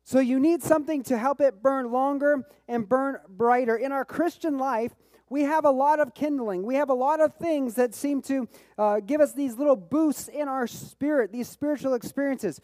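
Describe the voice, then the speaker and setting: Excitable storytelling preacher man. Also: extremely high pitch, moderate pace, no echo. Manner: lively storyteller with bursts of excitement; repeats words when restarting phrases. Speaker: pastor. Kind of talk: sermon with personal storytelling.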